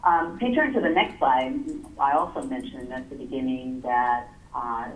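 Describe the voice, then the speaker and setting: A woman consultant explains figures to a retirement board in a measured way, with frequent "um" and "uh". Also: a bass voice. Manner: measured, explanatory, many "um" and "uh" fillers. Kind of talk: explanatory presentation at a public board meeting. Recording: echoey meeting room, distant mic, faint noise.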